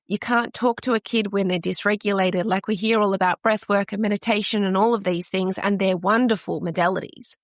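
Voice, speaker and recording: A middle-aged Australian woman speaking as a podcast guest, her voice carrying a gravelly fry at mid pitch. She tells personal stories earnestly and often restarts mid-sentence. The recording is dry and close. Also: no room sound. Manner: earnest, storytelling, frequent restarts. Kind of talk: conversational podcast interview.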